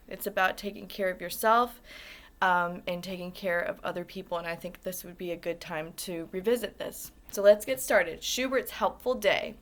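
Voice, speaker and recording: Warm and encouraging, this elementary school guidance teacher reads a picture book aloud to young kids in a mid-range voice. She keeps asking the children questions and cheering them on.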